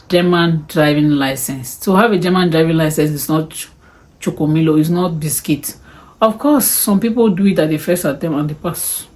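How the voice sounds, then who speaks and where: A woman's voice: low voice, darkish tone. Chatty woman vlogger tallying costs. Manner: chatty, exclaims and sighs over the costs. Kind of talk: casual cost breakdown talk to camera.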